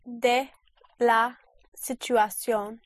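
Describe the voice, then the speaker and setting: Hesitant woman student answering slowly. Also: a little high, level tone, dry recording. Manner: hesitant, careful spelling and repeating. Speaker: language student. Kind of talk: answering in a language lesson.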